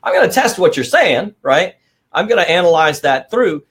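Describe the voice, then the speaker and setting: A man's voice: high-pitched, very animated, moderate pace, fairly bright tone, breathy edge. A middle-aged man hosting a motivational live stream, talking with energy, stressing points and often adding "right?".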